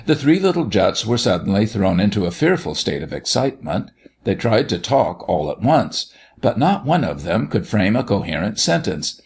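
A man reads a storybook aloud in a steady way. His voice is low and gravelly, and his pitch moves widely as he tells the story. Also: moderate pace. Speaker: narrator. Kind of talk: audiobook narration.

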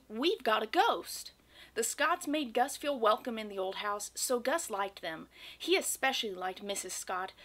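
A woman reads a children's picture book aloud, gentle and expressive, taking her time over each line. Her voice is bright and sits a little high. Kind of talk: children's storybook read-aloud.

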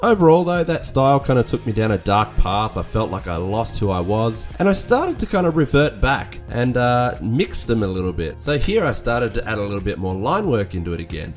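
A man giving casual voice-over commentary on his old artwork, relaxed, self-critical and enthusiastic. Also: fairly low pitch, a little fast, hardly any pauses, faint music behind. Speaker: artist reviewing his old work.

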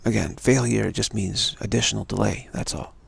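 Man, spiritual talk, extremely husky, emphatic, repetitive. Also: fairly low pitch, normal speed. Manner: earnest, emphatic, given to repetition. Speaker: spiritual speaker.

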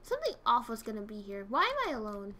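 High, lively woman streamer. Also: quick pace, a little hiss or hum. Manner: excitable, jumpy, swears often. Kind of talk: casual gameplay commentary.

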